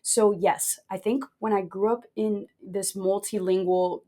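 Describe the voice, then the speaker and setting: A young adult woman from Brazil, a podcast guest telling her story in a candid, jokey, animated way. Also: medium pitch, unhurried. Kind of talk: casual interview storytelling.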